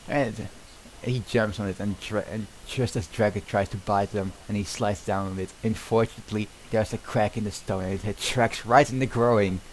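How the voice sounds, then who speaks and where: A man's voice: on the low side, fairly even intonation, normal speed, slight background noise, poor audio. A man streaming as he reads a film script aloud, often stumbling and restarting mid-sentence, with casual asides.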